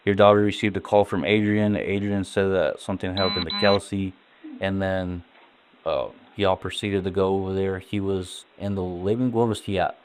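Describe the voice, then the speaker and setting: A man with a very low, deep voice questioning someone as a detective in a police interview. He keeps his questions calm and methodical. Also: moderate pace, a little hiss or hum.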